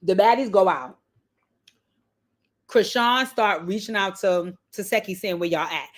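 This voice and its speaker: A woman casually recapping a reality show, telling the story with lively quoted voices and blunt slang. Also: mid-range voice, unhurried. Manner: animated storytelling, acting out quotes.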